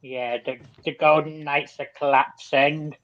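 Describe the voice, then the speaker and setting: Sardonic co-host on dull dry audio. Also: male voice, on the high side, flat delivery, unhurried, no room sound. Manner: sardonic, analytical, swearing. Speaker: podcast co-host. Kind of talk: casual chat.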